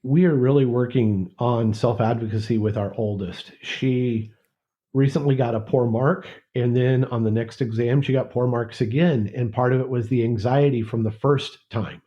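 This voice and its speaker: Man with a dark, muffled voice. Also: medium pitch, steady tone, normal speed. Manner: thoughtful, repeats and restarts words. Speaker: guest, university lecturer. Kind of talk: conversational podcast interview.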